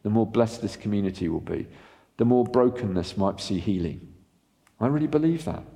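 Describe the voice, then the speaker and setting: A man preaching a sermon as pastor, animated and asking the congregation rhetorical questions. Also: lowish voice, normal speed, gravelly, in a large hall.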